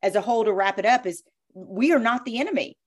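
A woman's voice: fairly high pitch, quick pace. A woman, a former sportscaster, speaking as a guest in an interview and telling her stories with emphasis and energy. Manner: emphatic, animated storytelling. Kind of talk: conversational interview.

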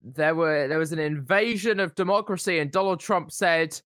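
A man's voice: on the high side, moderate pace, no echo. Sarcastic young man, dry close sound. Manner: sarcastic, breaks into loud whooping. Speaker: podcast co-host. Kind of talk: casual comedic chat. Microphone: podcast mic.

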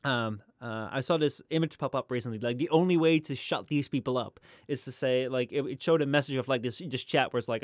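A man's voice: mid-range voice, fairly quick, dry recording. A man co-hosting a podcast talks in loose casual chat, stumbling over his words and working up to his point. His voice sits close to the mic in a dry, dead space. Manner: hesitant, lots of fillers and restarts, builds up to the point. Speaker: podcast co-host.

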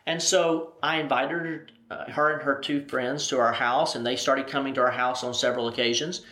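A man's voice: mid-range voice, steady tone, a little fast, sharp tone. A man telling a personal story as an interview guest, animatedly acting out the dialogue. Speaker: ministry president, interview guest. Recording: roomy echo.

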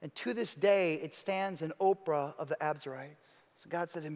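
A man preaching a sermon as pastor, dramatic, moving between hushed lines and emphatic ones. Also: sits high, fast. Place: church hall. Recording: reverberant hall.

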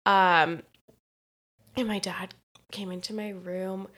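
A woman's voice: medium pitch, fairly even intonation, takes it slowly, a bit bright. A woman in her twenties from California, a podcast co-host telling a personal story in casual chat, candid and profane, often laughing mid-sentence.

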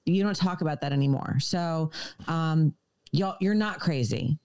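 A woman's voice: low-pitched, measured pace, a little mellow. A woman, a podcast guest, talking earnestly in casual chat and chiming in on her husband's story.

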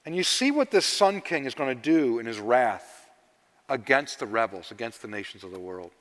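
A man preaching a sermon, telling stories and swinging between loud emphasis and hushed asides. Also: mid-range voice, animated, moderate pace. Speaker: pastor. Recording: long reverb of a large hall.

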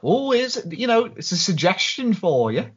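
A man with a husky voice co-hosts a casual podcast and retells scenes in a lively, swooping tone. He fills his sentences with loose hedges as he goes. The recording sounds a bit dull and lo-fi. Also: sits high, moderate pace. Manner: retells scenes with lots of "sort of like". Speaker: podcast co-host. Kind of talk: casual chat.

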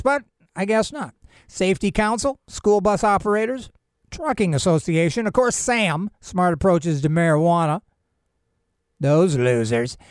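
A man hosts a casual cannabis news show and keeps breaking from the headlines for sarcastic, rambling jokes. His voice sits high and smooth. The sound is dry and close, with no room echo. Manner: sarcastic, rambling, jokey asides.

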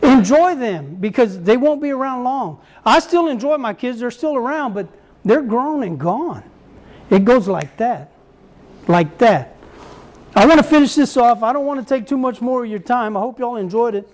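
A man's voice: very high-pitched, expressive, normal speed, a little mellow. A middle-aged man, preaching a folksy, repetitive sermon that mixes family stories with exhortation.

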